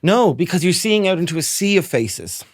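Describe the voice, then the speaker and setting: A man's voice: high voice, big pitch swings, normal speed, dry recording, studio quality. An Irish man co-hosting a podcast, explaining household troubles in long, rambling casual chat. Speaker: podcast co-host.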